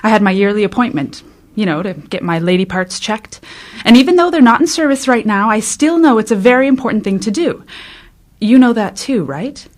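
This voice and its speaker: A woman's voice: medium pitch, lively intonation, fairly quick, a little mellow. A woman reading a confiding, wry dramatic monologue in a radio studio, rising to tearful emotion. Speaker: contributing writer reading a monologue.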